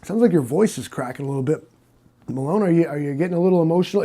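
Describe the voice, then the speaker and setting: A man's voice: on the high side, racing, warm tone. A man playing a skeptical interrogator in an improvised comedy scene, questioning hesitantly.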